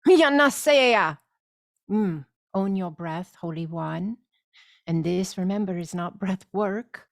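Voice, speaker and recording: A woman leading a spiritual course, speaking deliberately and soothingly with loud gasping inhales and repeated phrases. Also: fairly low pitch, vocal fry, dry recording, clean studio sound. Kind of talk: slow guided spiritual teaching.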